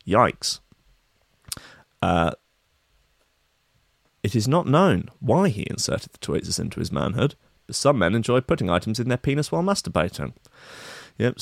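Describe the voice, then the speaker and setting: A young man hosting a casual livestream, rambling and swearing with sudden loud outbursts. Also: lowish voice, sing-song, normal speed, no room sound, studio quality. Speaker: livestream host. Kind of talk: casual profane livestream commentary.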